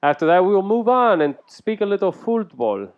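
A man's voice: high voice, sing-song, fairly quick, smooth, narrow, tinny audio. A man co-hosting a casual sports podcast, running through the show rundown with joking asides. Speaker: podcast co-host.

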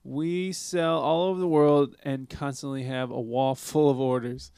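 A man hosting a podcast, reading a listing aloud slowly and laughing between items. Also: medium pitch, steady tone, creaky, darkish tone, clear, resonant tone, no room sound, studio quality. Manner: reads slowly and deliberately, breaking into laughs. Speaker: podcast host.

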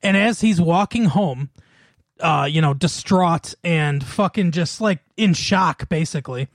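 A man's voice: fairly high pitch, unhurried, no echo, studio quality. A man co-hosting a podcast in casual chat, laughing often and rattling off lists. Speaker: podcast co-host.

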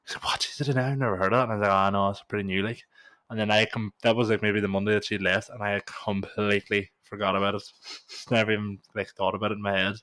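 A man's voice: on the low side, flat delivery, quick pace, a bit bright. A young man, co-hosting a podcast in casual chat, swearing freely and laughing often. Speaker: podcast co-host.

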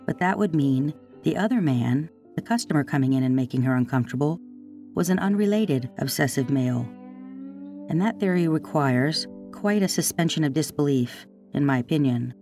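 Narrator, true-crime script, measured delivery, mid-pitched, soft guitar bed underneath. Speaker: podcast host. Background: faint guitar music.

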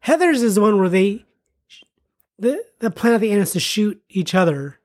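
A woman's voice: mid-range voice, sing-song, moderate pace, a little mellow, no echo, clean studio sound. A woman co-hosting a casual movie podcast, wry and full of questions. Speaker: podcast co-host. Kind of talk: casual chat about movies.

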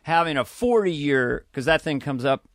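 A man, a comedian guest, telling lively stories in a casual podcast interview, dropping into quoted voices and swearing now and then. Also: a little high, normal speed, no echo, clean studio sound.

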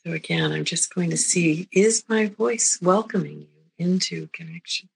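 A middle-aged woman, a therapist, giving a recorded lecture in a gentle, unhurried way, often checking in with the listener. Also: fairly low pitch, creaky, breathy edge, low-quality recording. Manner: gentle, unhurried, repeats words and checks in with "right?". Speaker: therapist teaching a psychology talk.

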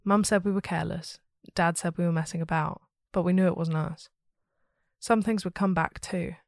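Low-voiced woman reading a ghost story. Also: normal speed, gravelly, dry recording, clean studio sound. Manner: steady, expressive storytelling. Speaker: story podcast host.

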